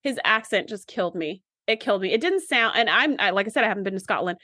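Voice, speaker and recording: A woman's voice: mid-range voice, animated, fast, bright, forceful tone, no room sound, studio quality. A woman co-hosting a podcast, recapping an episode in casual chat, opinionated and quoting characters as she goes. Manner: talkative, opinionated, quotes characters. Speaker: podcast co-host.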